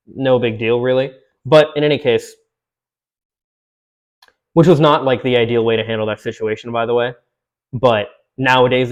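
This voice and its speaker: A young man in his twenties chats loosely to his viewers. He rambles and restarts sentences, and fillers, laughs and the odd swear word break up his talk at an ordinary middle pitch. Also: clean tone, muffled recording. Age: 20s. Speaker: vlogger. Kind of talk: casual chat to camera.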